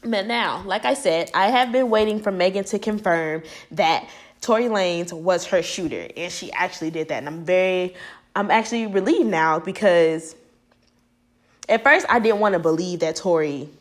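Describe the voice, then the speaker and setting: A young woman from the United States vlogging, giving casual and profane celebrity commentary and acting out the voices she quotes. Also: normal speed. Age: young adult. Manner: animated, profane, acts out quoted voices high and loud.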